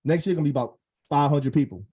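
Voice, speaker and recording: Guest mentor, male, mellow husky voice, fired-up motivational delivery on a group call. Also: fast. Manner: high-energy, emphatic, repeats phrases. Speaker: guest speaker and content mentor. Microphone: online call microphone.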